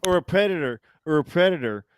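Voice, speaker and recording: A man co-hosting a casual comedy chat show, animated, acting out silly voices and swearing freely. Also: fairly high pitch, fast talker, slight background noise. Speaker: podcast co-host.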